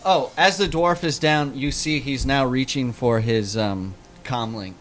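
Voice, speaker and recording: A man's voice: mid-range voice, measured pace, slight background noise. A man narrating a tabletop game as game master, vivid and playful, laughing between beats.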